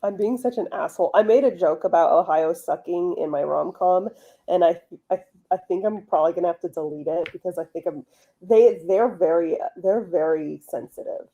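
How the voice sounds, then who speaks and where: A woman's voice: lowish voice, brisk, mellow, dull audio. A woman hosting a casual livestream chat, blunt, profane and joking. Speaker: host.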